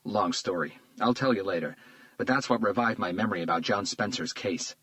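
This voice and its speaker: A man voicing a weary male police detective who speaks tersely and quietly. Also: fairly low pitch, fairly quick, dry recording, natural voice. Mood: subdued.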